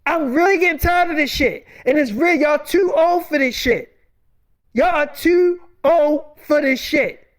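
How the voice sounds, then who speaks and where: A furious aunt unloads on her in-laws in a stream of profane, rapid-fire scolding, as a woman plays her. The voice sits high. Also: fairly bright tone.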